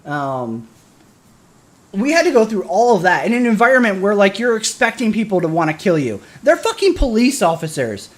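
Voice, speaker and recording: A man's voice: high-pitched, very animated, moderate pace. A man, a military veteran, chatting casually on a stream and ranting with lots of profanity. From Michigan. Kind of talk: casual chat.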